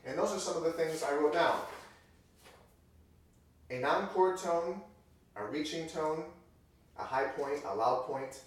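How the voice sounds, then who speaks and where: A man's voice: fairly high pitch, lively intonation, measured pace, long pauses. A man teaching a piano lesson in a conversational way, often correcting himself and acting out example sentences to show phrasing. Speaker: music teacher. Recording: very echoey room, voice distant from mic.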